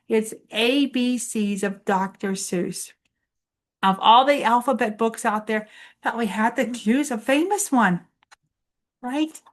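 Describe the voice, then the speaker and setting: Slow-spoken encouraging woman teacher. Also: fairly high pitch. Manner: encouraging, call-and-response chanting. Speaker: preschool teacher host. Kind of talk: children's lesson and read-aloud.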